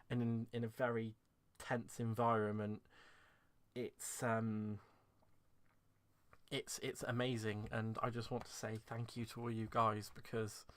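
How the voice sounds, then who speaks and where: A man hosting a live craft stream, close to tears and speaking with rambling, heartfelt warmth. His pitch sits in an ordinary middle range. The recording is dry and close, with no room sound. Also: no echo. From England. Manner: rambling and heartfelt, laughing through restarts. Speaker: craft channel host. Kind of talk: live-stream sign-off chat.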